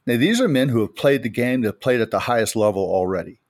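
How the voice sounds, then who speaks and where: A middle-aged man from the U.S. co-hosts a laid-back faith podcast, telling anecdotes with strong emphasis in a storytelling way. He talks fast, with a medium-pitched, darkish voice and lively intonation. The recording is dry and studio-clean.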